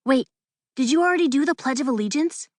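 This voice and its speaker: A woman's voice: sits high, big pitch swings, unhurried, no echo, studio quality, voice pushed up, heavily acted. A woman voicing a startled, scatterbrained young boy reporter who talks hesitantly. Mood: flustered. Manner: flustered, hesitant.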